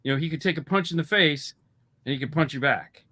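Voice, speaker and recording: A man's voice: a little high, a little fast, pushed and bright. Rambling, profane man co-hosting a chat. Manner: rambling, profane, lots of restarts. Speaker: podcast co-host. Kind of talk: casual chat.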